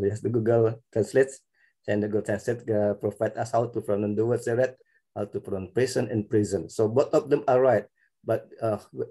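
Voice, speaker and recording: A man in middle age lectures with an Indonesian accent, his low voice gravelly and mellow. He repeats himself while drilling pronunciation and chuckles between points. He is heard over a video call. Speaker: university lecturer. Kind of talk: online class feedback.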